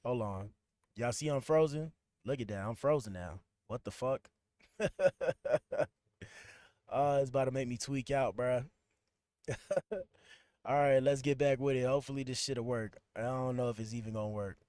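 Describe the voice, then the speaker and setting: A man's voice: medium pitch, fairly even intonation, normal speed, long pauses, darkish tone, dry recording, studio quality. A man hosting a podcast livestream, talking loosely with his chat while he fixes his stream. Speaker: podcast host. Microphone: streaming setup at a computer.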